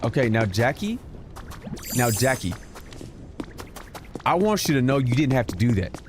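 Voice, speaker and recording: A man's voice: medium pitch, sing-song, measured pace, long pauses. A man streaming a video game, chatting casually, joking and swearing freely as he plays. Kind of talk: casual gameplay commentary. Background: game music.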